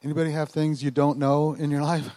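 Folksy preacher man with a high-ish voice. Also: quick pace, long reverb tail. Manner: animated, folksy, chuckling asides. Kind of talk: sermon storytelling.

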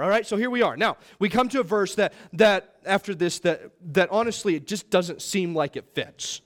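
Young high-voiced preaching pastor. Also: male voice, expressive, a little fast, hardly any pauses. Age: young adult. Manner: earnest, emphatic, with frequent "all right?" and "okay?" check-ins. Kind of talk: sermon.

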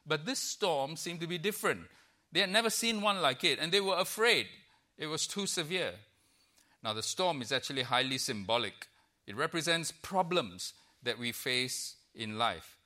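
Bright-voiced man preaching a sermon. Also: on the high side. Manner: warm storytelling with frequent uh fillers. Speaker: guest preacher. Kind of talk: sermon with a humorous anecdote. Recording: church service recording.

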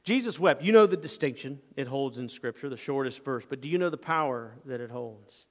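A man pastor preaching a sermon in a church sanctuary, swinging between loud emphatic passages and hushed, quiet asides. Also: medium pitch, expressive, brisk, hardly any pauses, long reverb tail.

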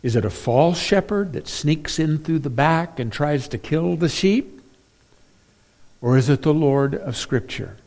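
A man preaching a sermon as pastor, emphatic, swinging between loud stressed phrases and quiet drops. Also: a little high, animated, a little slow.

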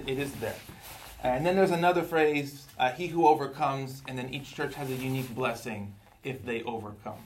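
A man's voice: medium pitch, a little hiss or hum. Man teaching a Bible class. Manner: conversational, repeats words, checks in with listeners.

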